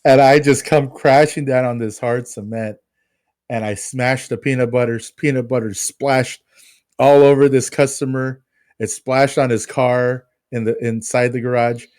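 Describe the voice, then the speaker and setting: Man telling a lively story, dry sound. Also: mid-range voice, a little slow, no room sound. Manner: animated, self-mocking storyteller. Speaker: podcast co-host, pest control technician. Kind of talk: casual podcast storytelling.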